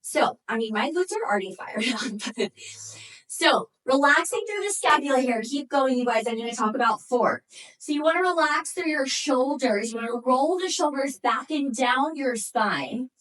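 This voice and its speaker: Higher-voiced lady counting reps thru a pilates workout, kinda puffed, mic sits back a bit. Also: animated, normal speed, a bit bright. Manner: upbeat coaching, counts down reps while exercising. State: breathing hard from exercise. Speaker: Pilates instructor. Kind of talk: workout instruction. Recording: distant from the mic.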